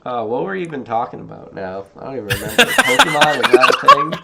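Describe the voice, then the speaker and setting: A man's voice: medium pitch, big pitch swings, rapid-fire, vocal fry, heavy background noise. A man hosting a live podcast, joking about his own setup in a self-mocking way. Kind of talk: casual chat on a live podcast.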